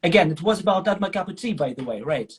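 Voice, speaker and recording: Man, host, raspy voice, enthusiastic, jokey. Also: sits high, expressive, fast. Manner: enthusiastic, jokey, frequent "right?" and "you know". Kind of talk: podcast interview chat.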